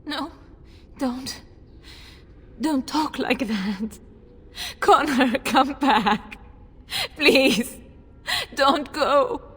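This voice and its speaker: A woman's voice: sits high, drawn-out words, pauses often, fairly bright tone, breathy edge, long reverb tail, exaggerated voice. An actress playing a desperate noble mother pleading for her son in a video game. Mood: tender. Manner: pleading, tearful.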